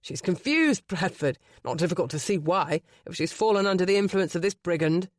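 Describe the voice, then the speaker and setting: A narrator voicing a smug, condescending older gentleman villain in an audiobook. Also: sits high, expressive, brisk, dry recording, studio quality. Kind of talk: audiobook character voice.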